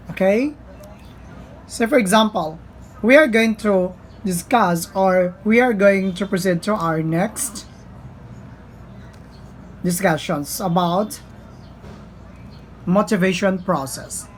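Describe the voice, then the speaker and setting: A woman teaching a grammar lesson in a slow, deliberate way, often calling the class to attention. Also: fairly low pitch, slight background noise, rough recording. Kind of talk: grammar lesson for young learners.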